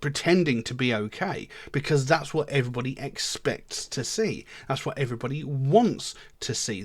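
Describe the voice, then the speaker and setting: A music reaction video host gives casual commentary on a song in a medium-pitched voice, recorded dry. He is earnest and emphatic, sometimes rambling, and swears bluntly.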